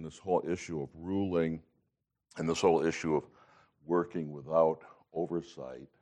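Deep-voiced older man teaching Bible. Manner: emphatic, reads scripture aloud, clears throat often.

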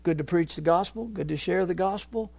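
A man preaching a sermon, moving from quiet reflection to loud, fervent exhortation. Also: high-pitched, brisk, gravelly, no echo.

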